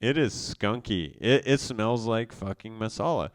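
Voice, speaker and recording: Young man from South Dakota, live host, smooth and dry, casual self-mocking rambler. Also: on the low side, measured pace, dry recording. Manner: loose, profane, self-mocking.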